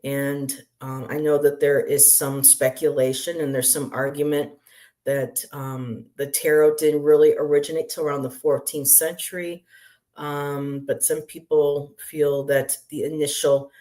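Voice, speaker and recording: A woman's voice: sits low, flat delivery, a little slow, mellow. A woman who reads tarot, chatting casually on a livestream and greeting viewers with easy laughter. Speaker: tarot reader.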